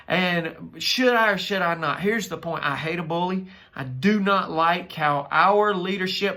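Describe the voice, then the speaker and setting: A man's voice: sits high, pushed and bright. A man with a Southern US accent preaching an impassioned monologue, fervent and emphatic, driving points home by repeating phrases. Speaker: minister.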